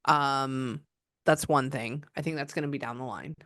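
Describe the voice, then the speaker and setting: A woman's voice: extremely low pitch, normal speed, fairly bright tone, no echo, studio quality. A woman psychic medium giving a client reading, chatting and often quoting the spirit's messages.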